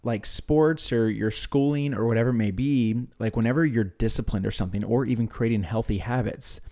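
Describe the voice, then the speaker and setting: A man's voice: medium pitch, brisk, mellow. A man co-hosting a faith podcast, chatting casually and rambling with many restarts and fillers. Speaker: podcast co-host.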